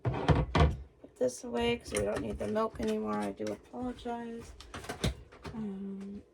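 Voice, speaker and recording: Woman, gravelly voice, chatty cooking vlog, home kitchen, loud background noise. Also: medium pitch, little pitch movement, measured pace. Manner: chatty, self-narrating, talks to viewers as guys. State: a little out of breath. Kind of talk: casual cooking demonstration. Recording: noisy home kitchen recording.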